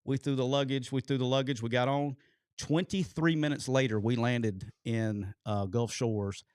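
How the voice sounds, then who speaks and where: A man spins a long yarn at an even, middling pitch. His delivery is animated and loose, and he swears casually. The sound is dry and close, as if in a small studio. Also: moderate pace, clean tone, dry recording. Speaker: co-host telling a coaching story. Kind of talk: casual storytelling chat.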